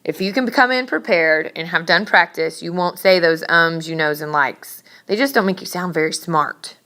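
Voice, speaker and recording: A woman teacher giving a brisk, emphatic classroom lecture on public speaking, scolding her students now and then. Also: fairly low pitch, bright, forceful tone.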